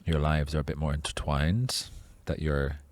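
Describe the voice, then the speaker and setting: A man's voice: rumbling low, flat delivery, normal speed, no room sound. A young man co-hosting a podcast, talking in a laid-back, hesitant way. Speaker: podcast co-host. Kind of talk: casual chat.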